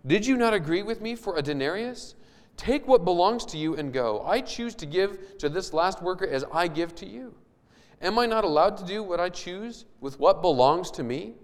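In a church hall with long reverb, a male preacher delivers a sermon, first reading a passage and then talking it through with emphatic, rising questions. He speaks in a high, animated voice at a moderate pace.

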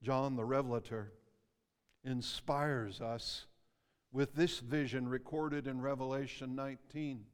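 A male pastor preaching a sermon, reading scripture slowly and emphatically, swelling and dropping in intensity. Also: mid-range voice, steady tone, in a large hall.

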